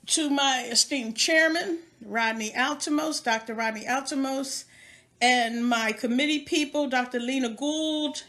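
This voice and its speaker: A woman's voice: high-pitched, slow, sharp tone. A woman from New York City, chatting casually to viewers on a live stream from her home through a tablet mic, often laughing. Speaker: host of a live video stream. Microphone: tablet microphone.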